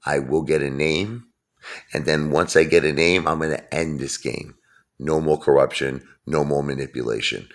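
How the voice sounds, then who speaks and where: Brash deep-voiced man ranting. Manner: brash, mocking, repetitive ranting. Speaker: channel host. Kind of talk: ranting vlog monologue.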